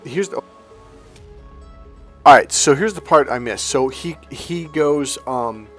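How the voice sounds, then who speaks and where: A man speaking as a life coach, telling a client story in a lively way and acting out both voices in the exchange. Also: mid-range voice, slow pace, soft background music. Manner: animated storyteller, acts out both sides of dialogue. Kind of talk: coaching monologue with anecdote.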